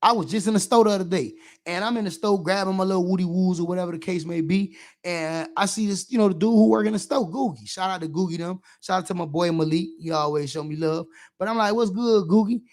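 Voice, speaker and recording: A man's voice: high-pitched, fast talker. A man, a youth football coach, giving an impassioned radio monologue, preachy and emphatic, acting out how he scolds kids.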